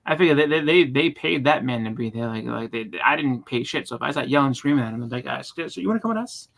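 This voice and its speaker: Fast talking guy with a bright voice, acts out every quote in his stories. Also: medium pitch, gravelly. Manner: animated storyteller, acts out quotes. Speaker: podcast co-host. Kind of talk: casual convention chat. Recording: live convention panel, roomy mic.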